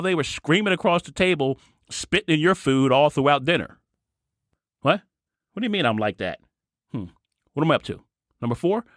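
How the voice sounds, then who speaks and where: A man hosting his own podcast, delivering an opinionated solo monologue in a sarcastic, ranting way that jumps to a higher voice when he gets worked up. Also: no room sound, clean studio sound. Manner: animated, sarcastic ranting with sudden jumps in pitch. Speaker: podcast host.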